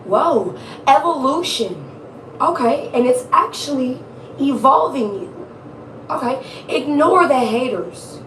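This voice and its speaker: Woman reading tarot live, laughs a lot and cusses, kinda far from the mic, faint hum behind. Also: high-pitched. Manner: chatty, laughs often, swears freely. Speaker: tarot reader. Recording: echoey room, off-mic.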